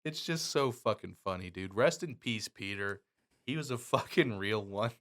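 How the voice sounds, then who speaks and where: A man's voice: fairly low pitch, expressive, moderate pace, a bit bright. A man co-hosting a podcast in casual chat, laid-back, swearing freely and laughing easily. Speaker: podcast co-host.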